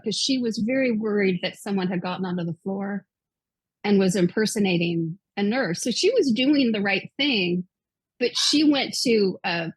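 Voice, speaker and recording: A woman's voice: medium pitch, expressive, normal speed, breathy edge, dry recording, poor audio. A woman in her fifties, a guest author, earnestly retelling a personal story with quoted dialogue. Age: 50s.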